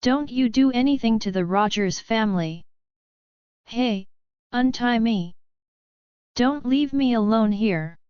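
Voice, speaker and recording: A woman voicing a frightened young woman who pleads desperately, in a slow, very clear voice. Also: on the high side, a little mellow, dry recording, highs cut off. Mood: pleading.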